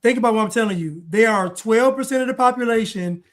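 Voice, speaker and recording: A man's voice: very high voice, fast. A man hosting a livestream talk show, making emphatic, preachy points and repeating them. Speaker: show host. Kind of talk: livestream commentary.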